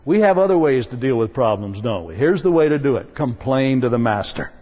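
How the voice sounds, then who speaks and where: A man's voice: medium pitch, fairly quick. A man preaching a sermon with humor, telling a story and acting out the voices. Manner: animated, jokey, acts out voices. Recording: dull sound, long hall reverb.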